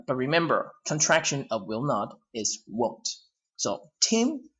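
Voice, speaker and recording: A man with a Hong Kong accent gives an English grammar lesson in a classroom style. He explains step by step, often restating himself. His voice moves up and down in a lively, animated way. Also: medium pitch, unhurried, muffled recording. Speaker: English teacher.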